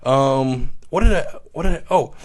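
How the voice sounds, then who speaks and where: A man's voice: medium pitch, animated, moderate pace, a little mellow. A man hosting a casual livestream chat, joking around, laughing often and reading viewer comments aloud. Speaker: host.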